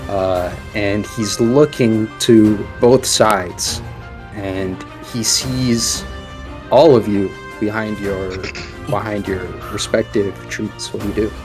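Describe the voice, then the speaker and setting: A man with a fairly low voice narrates as game master of a tabletop game over music, halting often with lots of fillers and restarts.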